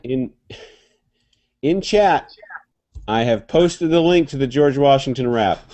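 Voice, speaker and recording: A man's voice: mid-range voice, slow pace, dry recording. A man hosting a casual online talk show over a video call, rambling and joking as he chats. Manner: rambling, jokey, lively. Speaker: web show host. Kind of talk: casual chat.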